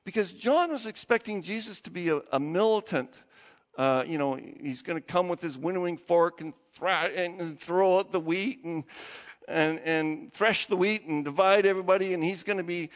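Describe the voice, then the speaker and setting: A man preaching a sermon in a conversational way, acting out the quotes he tells. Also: normal speed. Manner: conversational, acts out quotes with big pitch jumps. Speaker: pastor. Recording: reverberant hall.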